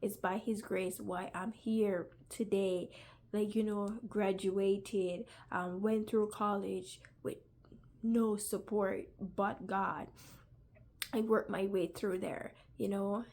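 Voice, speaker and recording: A woman's voice: mid-range voice, steady tone, slow, darkish tone. A young woman sharing her personal faith testimony in a casual video, earnest and talkative, with lots of fillers and a voice close to tears. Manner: earnest, talkative, uses many fillers, grows emotional. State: near tears.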